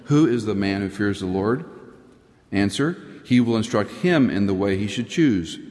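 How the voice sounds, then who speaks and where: A lower-voiced, middle-aged man delivers an earnest sermon, climbing sharply in pitch to stress a point and sinking at times to a hushed whisper. His voice carries a long reverb from a large hall or church. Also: lively intonation, normal speed. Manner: earnest, rises in pitch for emphasis, drops to a near whisper at times. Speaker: preacher.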